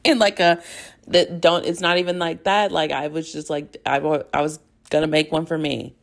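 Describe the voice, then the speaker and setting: Gravelly-voiced excitable woman podcaster. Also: low-pitched, moderate pace. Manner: excitable, giggly, rambling with many fillers. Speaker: podcast host. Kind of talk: casual fangirl recap.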